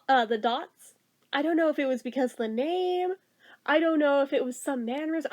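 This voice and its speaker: A woman's voice: high voice, a little mellow. A woman vlogger in a casual chat, self-deprecating and giggly as she talks about her day.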